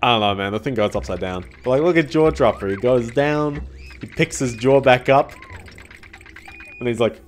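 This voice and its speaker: A man's voice: medium pitch, moderate pace, a little hiss or hum. A young man giving casual, rambling gameplay commentary as a streamer. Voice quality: rambling, self-deprecating.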